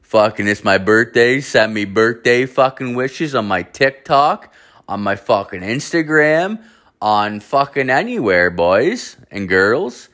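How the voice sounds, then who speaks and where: A man's voice: medium pitch, unhurried. A young man casually telling a profane work story, acting out the people he quotes. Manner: animated, swears constantly, acts out quoted voices.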